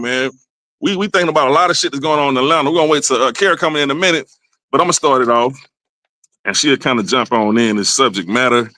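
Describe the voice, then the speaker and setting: A man hosting a comedy podcast with a loud, rowdy monologue, dropping to low mutters and jumping to high exclamations. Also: dry recording. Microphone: desk mic, livestream.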